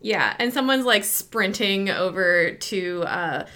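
A woman's voice: medium pitch, expressive, takes it slowly, pushed and bright. A woman narrating as game master, casual and full of filler words.

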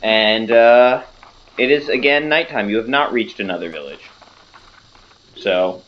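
Joking game master man, muffled audio. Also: a little slow. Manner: relaxed and joking, with hesitant fillers. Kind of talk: narrating a tabletop game. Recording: muffled low-fidelity audio.

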